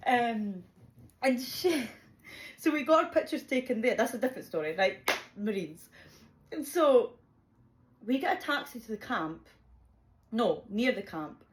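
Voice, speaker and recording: Lively, laughing woman telling a story. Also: fairly high pitch, measured pace, pauses often. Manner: animated, laughing often, swearing freely. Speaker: vlogger. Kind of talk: casual storytime.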